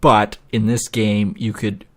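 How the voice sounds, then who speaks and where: A man's voice: fairly low pitch, little pitch movement, takes it slowly, a bit bright. A man hosting a gaming video, rambling and ranting with plenty of swearing in casual gameplay commentary.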